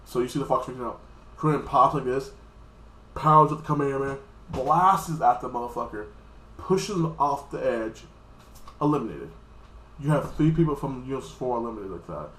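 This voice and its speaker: An American man giving a casual, rambling and profane recap of an anime episode, now and then jumping into high, squeaky mock voices. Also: expressive, normal speed, a bit bright, echoey room, low-quality recording. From United States. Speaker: anime reviewer.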